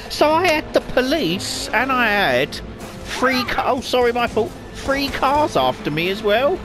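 A man's voice: extremely high pitch, sing-song, moderate pace. A man giving frantic let's play commentary, swearing a lot and apologizing over and over. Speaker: gamer. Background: game music and car noise.

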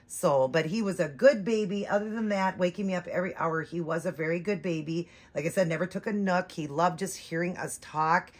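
A woman's voice: fairly low pitch, brisk, few pauses. A woman in her forties chatting to viewers, telling a long rambling story. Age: 40s. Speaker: reborn doll vlogger. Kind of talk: casual chat to viewers.

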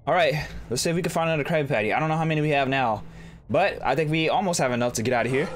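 A man's voice: very fast, slight background noise. A young man commenting on a horror game he is playing, joking and squealing when startled. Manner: jokey, jumps into high squeals when startled. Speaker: gaming YouTuber. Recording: music bed under voice.

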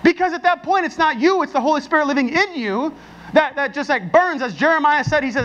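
A man preaching a sermon as pastor, talking in a casual, animated way full of restarts and stories. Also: very high voice, fairly quick, highs cut off. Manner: conversational and animated, with frequent restarts and anecdotes.

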